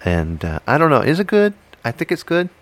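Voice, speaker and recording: A man's voice: fairly high pitch, huge pitch swings, voice pushed up. A man imitating a hesitant, indecisive male friend who keeps stalling and repeating himself. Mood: dithering. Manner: halting, unsure, repeats himself.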